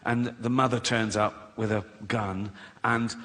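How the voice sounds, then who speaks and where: Bright-voiced comedian, sweary and giggly. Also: male voice, on the low side, steady tone, measured pace, in a large hall. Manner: profane, laughs at his own jokes. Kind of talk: stand-up style comic storytelling.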